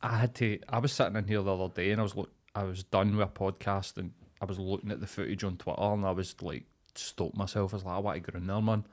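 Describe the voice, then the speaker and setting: A man's voice: sits low, fairly even intonation, fast talker, few pauses. A man hosting a podcast, chatting casually in a blunt, sweary, ranting way. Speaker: podcast host. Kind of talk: casual chat.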